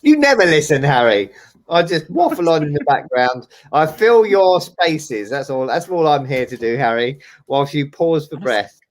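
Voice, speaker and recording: A man's voice: a little high, very animated, moderate pace. A man co-hosting a casual chat, full of dry, teasing banter. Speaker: co-host.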